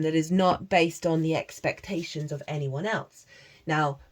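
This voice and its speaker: Tarot reader woman, slightly low voice, casual and encouraging to camera, slips into chanted made-up syllables. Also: darkish tone. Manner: chatty, encouraging, with frequent laughs.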